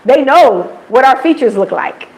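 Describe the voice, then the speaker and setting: A woman's voice: high voice, unhurried, poor audio. American woman telling stories on a livestream. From United States. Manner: animated, acts out other people's voices, laughs often. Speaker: livestream host. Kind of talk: casual livestream storytelling.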